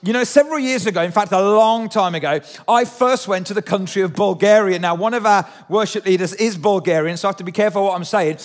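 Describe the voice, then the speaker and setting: A man's voice: high-pitched, fast talker, hardly any pauses. A man preaching a sermon in a church, chatty, often asking the congregation questions. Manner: conversational, asks the congregation questions. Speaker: pastor. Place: church hall. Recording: long hall reverb.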